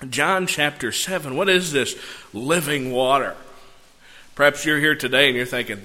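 A man preaching a sermon, reading scripture and breaking into animated, conversational asides. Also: medium pitch, moderate pace. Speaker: pastor. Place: church sanctuary. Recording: long church hall reverb.

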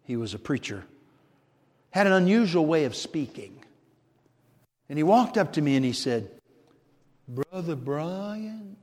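An older man preaching a sermon, swinging from shouted declarations to hushed storytelling. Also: medium pitch, slightly rough. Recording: long reverb of a large hall.

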